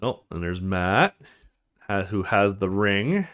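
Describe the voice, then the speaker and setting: A man's voice: on the low side, sing-song, slow pace, fairly bright tone. A man chatting casually as he plays through a visual novel, reading its dialogue aloud. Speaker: gamer playing a visual novel. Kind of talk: casual let's-play commentary.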